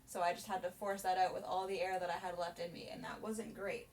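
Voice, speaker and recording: A woman's voice: fairly low pitch, level tone, a little fast, slight background noise. A young woman, a soprano singing teacher, chatting through a casual vocal lesson in an explanatory way. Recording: voice from a distance, piano behind.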